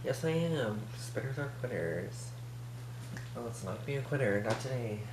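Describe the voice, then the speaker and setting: A teenage guy from Montana rambles through a baking vlog in his kitchen, camp and sassy, swearing freely. His voice sits at a middling pitch. The room echoes, and steady noise runs underneath. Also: normal speed. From Montana, USA. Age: teens. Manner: sassy, campy and profane. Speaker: vlogger. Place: home kitchen.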